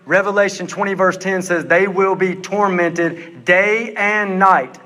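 Male preacher, high bright voice, intense emphatic sermon delivery, long hall reverb. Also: steady tone. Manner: intense, emphatic, slows down for stress.

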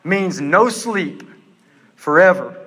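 A man preaching a sermon, intense and emphatic, slowing down to stress his words. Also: sits high, expressive, sharp tone, big-room sound.

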